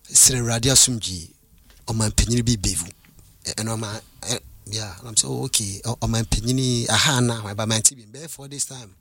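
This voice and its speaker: A man recounting visions and a spiritual calling in a casual conversation, with halting restarts and English phrases mixed in. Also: mid-range voice, bright, forceful tone, husky, no echo. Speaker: guest.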